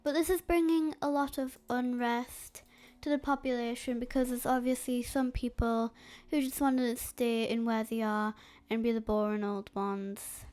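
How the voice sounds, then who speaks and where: A woman narrating a map history video in a slow, hesitant way, with a stuffy, snotty nose and frequent fillers. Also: a little high, little pitch movement, darkish tone, clean tone.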